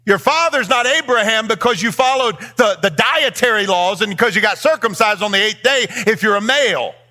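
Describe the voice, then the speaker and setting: A man's voice: high voice, lively intonation, fairly quick, pushed and bright, faint music behind. A male pastor preaching a sermon in a church, speaking straight to his congregation and swinging his lines up into a sing-song emphasis.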